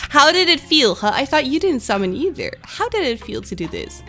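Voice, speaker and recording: A woman's voice: high-pitched, very animated, brisk, few pauses, sharp tone. A young woman streamer chatting casually and giggling with her viewers during a live stream. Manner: bubbly, giggly, chats with viewers.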